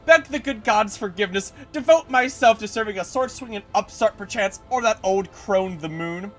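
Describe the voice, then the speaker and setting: A man's voice: sits high, expressive, moderate pace, faint music behind, pitched above the performer's own voice. A man reading a haughty, mocking female demon goddess aloud from a game. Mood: scornful. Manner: imperious and mocking.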